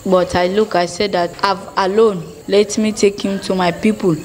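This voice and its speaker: A young woman with a West African pidgin English accent giving a halting, plain-spoken personal testimony, re-enacting scenes aloud as she tells them. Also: medium pitch, fairly even intonation, darkish tone, slight background noise. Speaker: former child soldier giving testimony.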